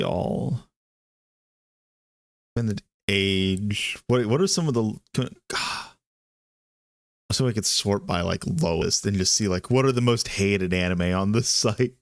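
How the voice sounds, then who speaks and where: A man's voice: fairly low pitch, animated, takes it slowly, creaky, pauses often, no room sound. A man co-hosting a podcast in casual chat who laughs often, swears and reads reviews aloud. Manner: laughs often, profane, drifts into dropped tones. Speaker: podcast co-host.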